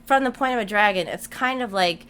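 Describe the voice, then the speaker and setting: A woman's voice: medium pitch, fairly quick, a bit bright, clear, resonant tone. A woman guest on a podcast, chatting casually and animatedly, giggling often, with lots of fillers. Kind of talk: casual chat.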